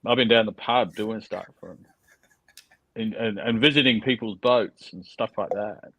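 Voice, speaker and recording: A man's voice: lowish voice, a little slow, fairly bright tone, no room sound, poor audio. A man chatting casually in a group, rambling and reading out viewer comments.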